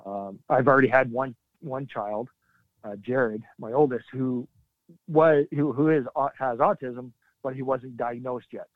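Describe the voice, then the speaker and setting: Middle-aged man, ex-soldier guest, candid and halting, dry narrow phone-like audio. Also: mid-range voice, fairly even intonation, no echo. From Canada. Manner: earnest, halting, with sudden emphatic bursts. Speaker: military veteran guest. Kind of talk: candid interview storytelling. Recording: dry, tinny phone-like line.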